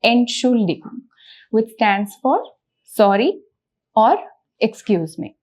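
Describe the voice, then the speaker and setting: A woman's voice: fairly high pitch, animated, takes it slowly, darkish tone. A woman teaching a language lesson, patiently repeating words and breaking them into syllables. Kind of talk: slow spoken language lesson.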